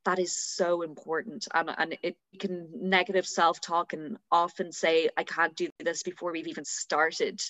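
A woman's voice: fairly low pitch, flat delivery, measured pace, few pauses, fairly bright tone. A woman interviewing a guest, asking questions and giving brief encouraging affirmations.

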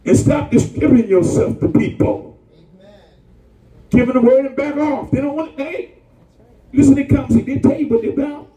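A man preaching a sermon, animated and colloquial, calling out to the congregation. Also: very high voice, normal speed, pauses often, roomy sound, recorded from a distance, rough recording.

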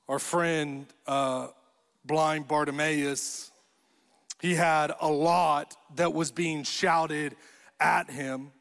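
A man's voice: a little high, steady tone, extremely slow, vocal fry, fairly bright tone. A man preaching a sermon as pastor, telling stories and building to emphatic repeated phrases. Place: church auditorium. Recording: long echo of a church hall.

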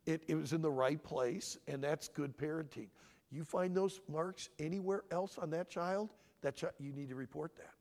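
A middle-aged man speaking at a family conference in a preaching style. He is emotional and swings between loud emphasis and hushed, near-whispered lines. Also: on the high side, normal speed, in a large hall.

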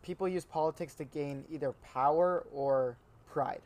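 A man's voice: fairly high pitch, moderate pace, darkish tone. A young man co-hosting a podcast, talking in a laid-back, chatty way and often trailing off. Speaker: podcast co-host. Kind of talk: casual chat.

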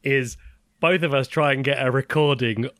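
A man's voice: medium pitch, moderate pace, a loud crowd. A man with a posh-sounding British accent, co-hosting a podcast with playful, teasing banter. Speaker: podcast co-host. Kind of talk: casual chat.

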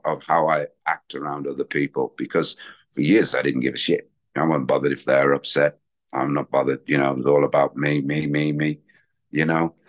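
A man speaking candidly and in a rambling way at a recovery meeting, sharing his own story. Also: rumbling low. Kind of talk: personal recovery share.

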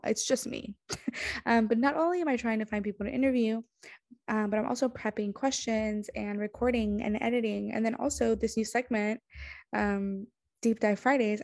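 A woman's voice: on the high side, darkish tone, no room sound, studio quality. A young woman hosting her own podcast alone, sleepy, chatting casually with lots of fillers and self-deprecating restarts. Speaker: podcast host. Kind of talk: casual solo podcast monologue. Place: home, on a couch.

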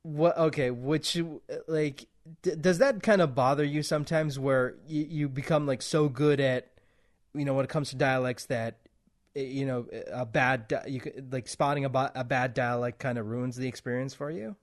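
A man's voice: mid-range voice, fairly even intonation, normal speed. Rambling male podcast host. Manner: rambling, restarts, laughs between points. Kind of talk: casual podcast chat.

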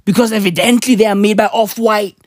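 A woman's voice: mid-range voice, fairly even intonation, brisk, a little mellow, dry recording, studio quality. A woman with a South African accent, ranting casually on a vlog with heavy swearing and slang. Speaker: vlogger. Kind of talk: profane casual rant.

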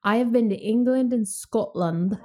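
A woman's voice: a little high, normal speed, darkish tone. A woman hosting a casual movie podcast, chatty and laughing often, reading a film synopsis aloud. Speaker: podcast host. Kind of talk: casual movie review chat.

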